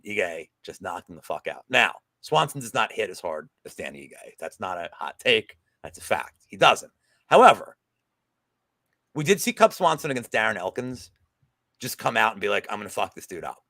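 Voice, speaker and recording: A man co-hosting a betting podcast in casual chat, an animated, jokey storyteller who swears freely. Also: on the low side, moderate pace, creaky, dry recording.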